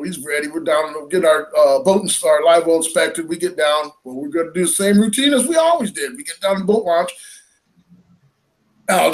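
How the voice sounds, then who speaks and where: High-voiced man telling a story. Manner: animated, laughing, acts out quoted lines. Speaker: fishing tournament angler. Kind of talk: casual storytelling.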